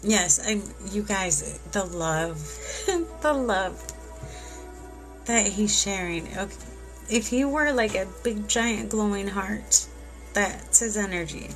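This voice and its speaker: Woman, tarot reader, live stream, slow unhurried delivery, tearful and emotional, soft music behind. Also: mid-range voice, animated. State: tearing up.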